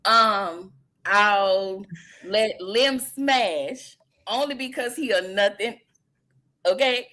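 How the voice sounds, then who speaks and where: A woman's voice: mid-range voice, extremely slow, sharp tone. A woman on a casual live-stream chat, speaking playfully and teasingly.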